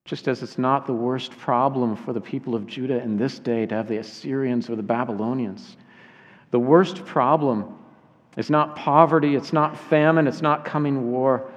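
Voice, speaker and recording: A man preaching a sermon earnestly, slowing down to weigh key phrases. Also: medium pitch, fairly even intonation. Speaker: pastor. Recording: dull sound with long hall reverb.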